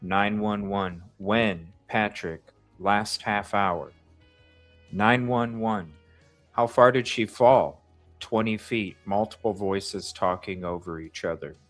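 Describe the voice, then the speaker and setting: A man's voice: lowish voice, slow, fairly bright tone, soft background music. A man hosting a live stream, reading a call transcript aloud and chatting with viewers about their comments and votes. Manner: reads out chat comments and asks viewers to vote.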